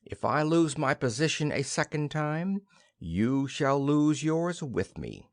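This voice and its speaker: A man's voice: on the high side, expressive, slow, no room sound, studio quality. A man voicing a stern middle-aged lawyer who blackmails, cold and threatening in tone.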